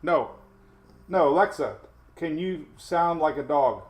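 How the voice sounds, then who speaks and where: A man's voice: on the high side, animated, slow pace, husky. A man hosting a casual weather livestream from home, chatty and laughing often while his dogs run around.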